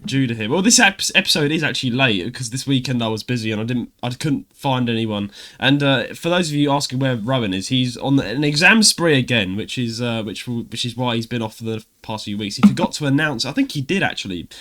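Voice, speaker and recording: A man's voice: mid-range voice, a bit bright. A young man hosting a podcast, chatting in a rambling, upbeat way. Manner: chatty, rambling with restarts and laughs. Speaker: podcast host. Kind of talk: casual chat.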